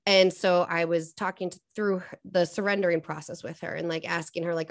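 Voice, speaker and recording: A woman's voice: fairly low pitch, steady tone, fairly quick, hardly any pauses, no echo, studio quality. A young adult woman, a coach, talking earnestly in a casual podcast interview, telling stories with many fillers. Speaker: guest coach.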